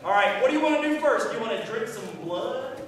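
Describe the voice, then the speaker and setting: A man's voice: very high-pitched, expressive, quick pace, crowd noise. A man playing a rowdy backwoods bobcat mountain man at a scout ceremony, hammy and teasing, recorded from far off in an echoey hall. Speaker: costumed ceremony character.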